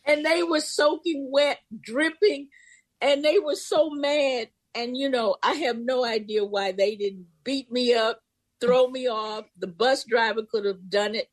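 Older woman, interview guest, lively storyteller, dry close sound. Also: on the high side, unhurried, no room sound. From Memphis. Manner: vivid storyteller, acts out voices in quotes. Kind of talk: personal storytelling.

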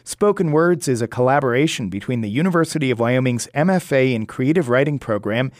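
A man hosting a public radio reading program, giving a calm, scripted introduction. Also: mid-range voice, brisk, no room sound, studio quality. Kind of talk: scripted announcement.

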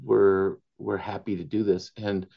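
A man, an author, telling animated anecdotes in an interview, laughing often and slipping into Spanish phrases. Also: sits low, unhurried, gravelly, muffled recording. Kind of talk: storytelling in a conversational interview.

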